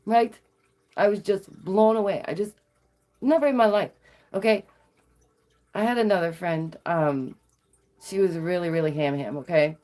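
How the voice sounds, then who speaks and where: Sassy, animated woman vlogger. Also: fairly low pitch, moderate pace, long pauses. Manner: sassy, animated, laughs often. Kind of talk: casual storytelling to viewers.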